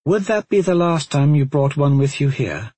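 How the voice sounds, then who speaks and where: A man voicing a sharp, questioning woman warrior in an audiobook, with a raised, calm voice. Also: a little high, moderate pace, slightly rough, no room sound, pitched above the performer's own voice. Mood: probing.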